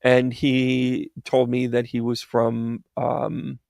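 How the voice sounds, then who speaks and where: A man with a gravelly, creaky voice tells a story in a loose, meandering way. He wanders off topic and trips over his words as he goes. The sound is dry and close, with no room echo. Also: mid-range voice, monotone, slow, darkish tone. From United States. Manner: rambling and digressive, restarts, laughs at his own story. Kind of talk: casual storytelling monologue.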